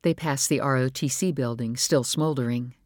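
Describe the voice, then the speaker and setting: An audiobook narrator reads a novel aloud in scripted narration, his storytelling measured and even. His voice is mid-range, and the studio-quality recording has no echo.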